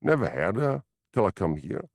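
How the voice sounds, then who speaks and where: Man doing a harsh, hostile Glaswegian woman in her thirties, raised pitch, gravelly edge. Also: sing-song, brisk, a little mellow, no echo, clean studio sound, heavily acted. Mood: defiant.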